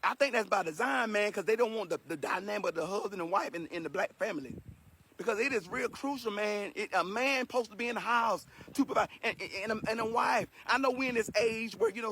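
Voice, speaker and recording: A man's voice: high voice, fairly bright tone, a little hiss or hum. A man giving an earnest, emotional spoken lesson to his viewers in a casual, repetitive way. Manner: earnest and preachy, repeats himself, emotional. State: sweating.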